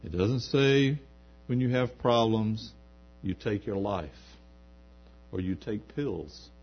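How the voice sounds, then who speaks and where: Man, pastor, sermon, low voice, dull lo-fi sound. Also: slow pace. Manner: preaching with rising emphasis and quoted asides. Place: church. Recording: dull lo-fi recording.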